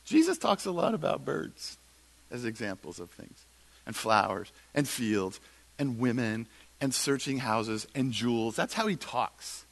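A man's voice: mid-range voice, sing-song, measured pace, creaky. A middle-aged male pastor preaching a sermon, telling stories animatedly and acting out dialogue.

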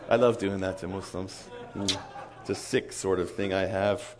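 A man preaching in an animated storytelling sermon, acting out the dialogue of the people in his stories. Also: low-pitched, moderate pace. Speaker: pastor.

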